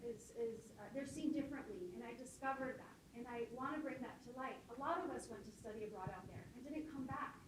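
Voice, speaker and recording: A woman's voice: fairly high pitch, fast, hardly any pauses. A woman on a panel speaking earnestly. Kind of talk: casual panel discussion. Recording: roomy, distant, noisy.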